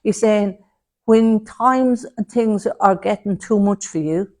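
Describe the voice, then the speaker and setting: A woman with a mid-range voice talks at a slow pace, giving a mediumship demonstration to an audience in a spiritualist centre hall. She relays quoted messages in a chatty style, warmly calling listeners love and darling.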